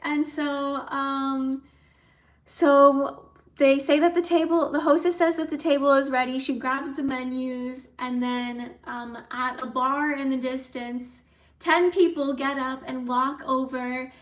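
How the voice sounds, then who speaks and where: High-voiced chatty young woman, roomy sound. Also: slow pace. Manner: chatty, excitable, many likes and ums. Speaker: vlogger. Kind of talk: casual storytelling. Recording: roomy, from a distance off mic.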